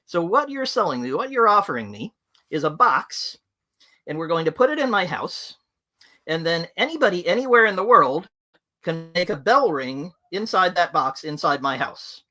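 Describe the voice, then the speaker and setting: A man voicing a reserved English gentleman who haughtily turns down an offer. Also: medium pitch, fast, few pauses, lightly acted. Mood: skeptical. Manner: haughty, indignant refusal.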